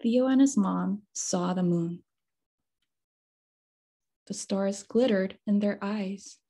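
A woman author reading her picture book aloud at a bookshop storytime, expressive and unhurried. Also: medium pitch. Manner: slow, expressive storytime reading with sound words. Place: bookshop event space.

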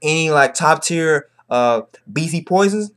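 Excitable young man recapping a chapter. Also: a little high, a little slow, clear, resonant tone. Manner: excitable, slang-heavy, repetitive. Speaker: manga reviewer.

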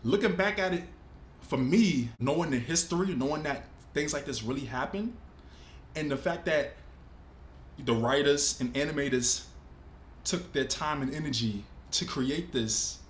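Brief: male reaction-video host, emphatic and casual, slightly high voice, roomy echo. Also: unhurried, a little hiss or hum. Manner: animated, emphatic, casual vernacular. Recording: echoey room with faint ambience.

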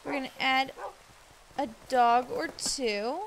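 A woman chatting casually while building in a game, gushing over the animals and cooing at them softly. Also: high-pitched, steady tone, slow pace, heavy background noise. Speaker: Minecraft builder. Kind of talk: casual gameplay commentary.

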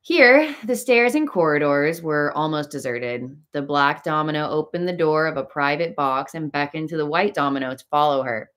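A woman reading a classic novel aloud as an audiobook, in an expressive, dramatic way. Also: low-pitched, moderate pace, hardly any pauses. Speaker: audiobook narrator.

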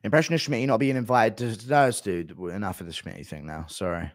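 A man streaming live and reading chat messages aloud, crude and deadpan with mumbled asides. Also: lowish voice, a little fast, hardly any pauses, dry recording, clean studio sound.

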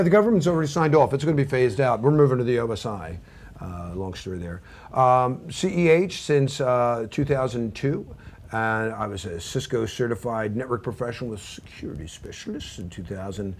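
A man's voice: on the low side, vocal fry, darkish tone, husky. A man in his fifties giving an informal, rambling training lecture, full of asides and self-deprecating jokes. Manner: rambling anecdotal, self-deprecating, many fillers and restarts. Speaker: cybersecurity instructor.

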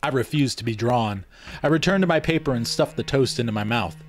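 A man reading first-person fiction aloud in a measured storytelling manner. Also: mid-range voice, faint music behind. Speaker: audiobook reader. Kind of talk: scripted first-person novel narration.

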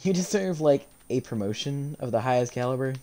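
A man giving live commentary as he plays a game, animated and often laughing, chatting to the characters on screen. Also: mid-range voice, brisk, faint music behind. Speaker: streamer.

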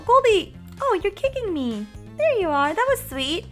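A woman hosting a casual let's-play, reacting in an excitable, dramatic and giggly way over faint music. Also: very high voice, normal speed. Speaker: gaming channel host.

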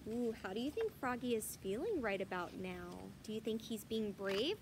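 A woman reading a children's picture book aloud, animated and asking the listener questions. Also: on the high side, moderate pace, few pauses, background noise. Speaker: storyteller.

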